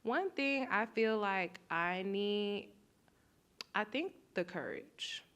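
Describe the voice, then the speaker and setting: A woman's voice: mid-range voice, expressive, slow pace, fairly bright tone, lo-fi sound. A woman in her twenties, a recent graduate speaking up from the audience in a casual, outspoken way, with lots of fillers. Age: 20s. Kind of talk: audience question at a panel.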